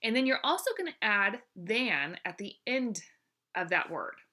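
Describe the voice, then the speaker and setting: A woman teaching a grammar lesson, speaking clearly and encouragingly and drawing out each example word. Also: medium pitch, very animated, measured pace, pushed and bright.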